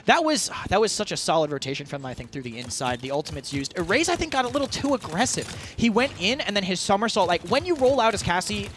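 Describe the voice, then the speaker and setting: Male analyst caster from Long Island, high animated voice, rapid delivery, noisy live event feed. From Long Island, New York. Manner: quick, lively analytical talk. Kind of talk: live esports color commentary.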